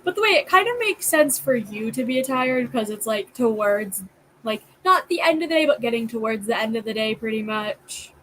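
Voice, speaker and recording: A woman's voice: a little high, animated, normal speed, fairly bright tone, a little hiss or hum, poor audio. A young woman co-hosting a casual livestream chat, sounding tired and agreeable. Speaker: co-host.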